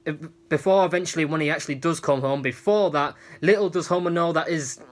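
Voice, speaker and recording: A man's voice: a little high, brisk. A man giving a casual, rambling episode recap with many restarts. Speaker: episode reviewer.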